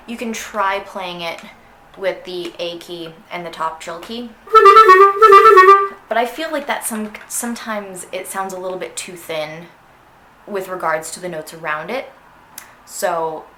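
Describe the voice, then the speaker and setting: A young woman with a mid-range, fairly bright voice teaches an orchestral clarinet excerpt in a relaxed, talkative style, singing phrases to show how they go. The instructional lesson was captured in an echoey room with faint noise.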